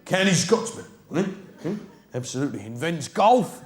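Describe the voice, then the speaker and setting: A middle-aged man doing live stand-up comedy, with brash, blokey banter aimed at the audience and sudden shouts to rouse the crowd. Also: a little high, sing-song, moderate pace. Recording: roomy live venue, loud audience.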